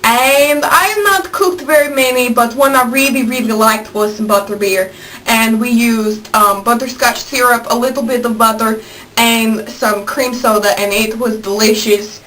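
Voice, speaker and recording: A mock Russian accent, put on by a woman vlogging to her camera, delivered in choppy phrases with the articles dropped. Her voice sits on the high side. The camera mic is set a little way back and picks up a faint hiss. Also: normal speed, bright, forceful tone, recorded from a distance, low-quality recording. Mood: chatty. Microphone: camera on a tripod.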